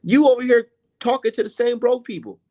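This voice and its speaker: A young boxing commentator and channel host rants heatedly and profanely about boxing, reading viewer comments aloud. His very high-pitched, slightly mellow voice moves fairly quickly, sounding blunt and exasperated.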